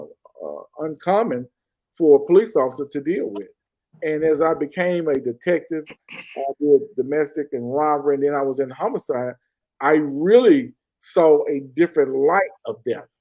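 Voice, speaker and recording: A man's voice: a little high, normal speed, a little mellow, poor audio. A middle-aged man from Arkansas, a former police detective earnestly telling a personal story and repeating phrases for emphasis. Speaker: podcast guest.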